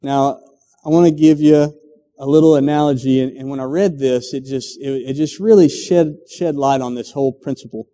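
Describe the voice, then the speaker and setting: A man's voice: mid-range voice, fairly even intonation, moderate pace, mellow. A middle-aged man preaching a sermon, telling a story full of acted quotes and stumbling restarts. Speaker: pastor. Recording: long hall reverb.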